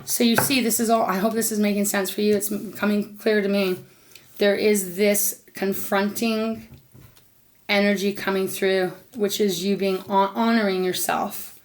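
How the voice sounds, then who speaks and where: A woman with a medium-pitched voice gives an unscripted tarot reading at a normal speed and in a level tone, speaking earnestly straight to her listener. As she goes on she becomes emotional and protective, occasionally letting slip a casual swear word. Between cards, she talks aloud to Spirit.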